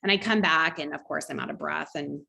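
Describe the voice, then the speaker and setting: A woman's voice: sits low, fairly quick, creaky, sharp tone. A middle-aged woman coaching a sales team in an online training, upbeat and conversational, teaching through personal stories.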